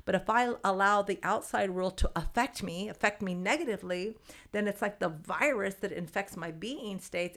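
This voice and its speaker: A woman's voice: mid-range voice, vocal fry. A woman therapist explaining her ideas in conversation, acting out other people's voices in the quotes she tells and often checking in with "right?". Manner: acts out quoted voices, tags sentences with "right?".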